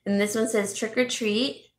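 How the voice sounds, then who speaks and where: Slow, chatty woman in a roomy space. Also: fairly high pitch. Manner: chatty, gushing, thinks aloud with many restarts. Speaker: home stager and DIY vlogger. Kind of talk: casual live chat reading viewer comments. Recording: roomy echo.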